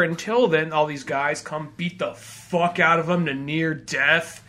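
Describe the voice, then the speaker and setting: A man's voice: on the high side, a little slow, few pauses, bright, forceful tone. A man co-hosting a movie podcast in casual chat, rambling and correcting himself as he goes. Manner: rambling, self-correcting, acts out quotes. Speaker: podcast co-host.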